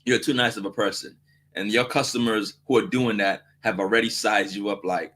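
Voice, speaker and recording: A man hosting a live question-and-answer show, talking in an animated, joking way and laughing often. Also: medium pitch, moderate pace. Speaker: host.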